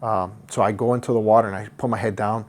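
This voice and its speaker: Male podcast guest, lively storyteller, excitable, restarts a lot, acts out quotes. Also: on the low side, quick pace. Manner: excitable, acts out others' voices, many restarts. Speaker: podcast guest, boating content creator. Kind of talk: animated storytelling in casual interview. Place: podcast studio.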